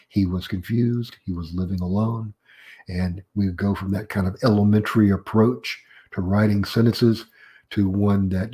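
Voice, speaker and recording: A middle-aged man teaching a recorded grammar lesson, explaining step by step and reading example sentences aloud with careful pauses. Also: on the low side, warm tone. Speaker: writing teacher.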